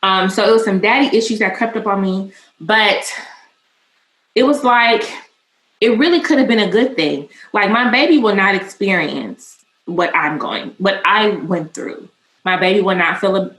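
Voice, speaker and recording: Woman in her 30s, bright forceful voice, spills a personal story, cusses, echoey room w faint hiss. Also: on the low side. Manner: emotional, cusses freely, animated. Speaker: podcast co-host.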